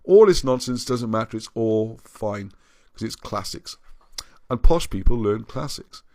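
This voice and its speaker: A man's lowish, darkish voice carries lively intonation at a slightly slow pace as he hosts a livestream. Reading viewer comments aloud, he rambles and keeps restarting his sentences, all on a dry recording.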